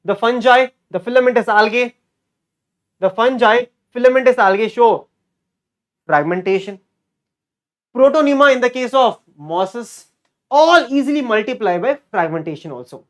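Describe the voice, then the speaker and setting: A male teacher giving a lively online exam-prep lecture. He repeats key words and keeps quizzing his students. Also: very high-pitched, normal speed, pauses often. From India.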